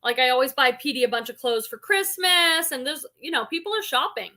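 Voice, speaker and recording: A woman's voice: high voice, lively intonation, a little fast, sharp tone. A woman hosting a casual live stream, reading viewer comments aloud and chatting about them. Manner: chatty, reads comments aloud then reacts.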